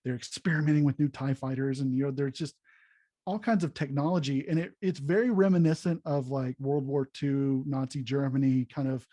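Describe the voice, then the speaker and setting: A man co-hosting a casual podcast chat, talking in an animated way and dropping into silly voices. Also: medium pitch, a little fast, no room sound, studio quality. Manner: animated, jumps into silly voices when retelling skits. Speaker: podcast co-host, pastor.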